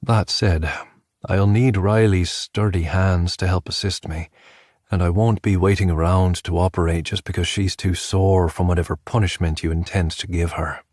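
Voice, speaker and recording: A man's voice: low voice, steady tone, moderate pace, darkish tone, no echo, clean studio sound. A man voicing a confident, aloof male wolf healer in an audiobook. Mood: cool.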